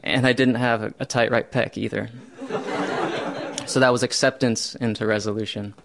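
A young man telling a first-person true story in a self-mocking way, with loud bursts when he voices his own panic. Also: mid-range voice, steady tone, moderate pace, creaky, very noisy.

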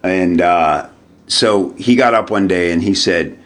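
A lower-pitched man talks as a podcast guest. He tells his story in an animated, conversational way, stumbling over and repeating words as he goes. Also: a little slow. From United States. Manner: animated storyteller, frequent restarts and repeated words, laughs while telling.

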